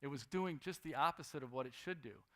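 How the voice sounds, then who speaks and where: A young man preaching a sermon, lively, swinging between loud emphasis and quiet asides. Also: mid-range voice, fast talker.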